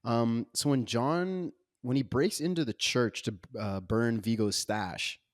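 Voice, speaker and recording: A young man talks casually as a podcast co-host, breaking down a film. He gets animated when he acts out characters' lines. His voice is mid-pitched and recorded close and dry. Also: a little slow, dry recording.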